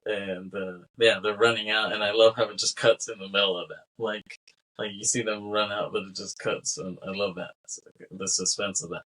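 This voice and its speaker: A man co-hosts a film podcast, his voice fairly low and his intonation fairly even, with a sharp tone at a normal speed. He chats casually about films and laughs often while retelling scenes. The recording quality is low.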